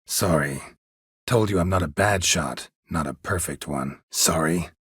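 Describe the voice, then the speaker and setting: Geralt, a gruff hunter. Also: male voice, measured pace, dry recording, heavily acted. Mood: curt. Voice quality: very husky, low gravelly voice. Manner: clipped, flat, laconic delivery. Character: gruff middle-aged male monster hunter, terse and weary. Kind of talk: video game voice lines. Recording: dry studio booth.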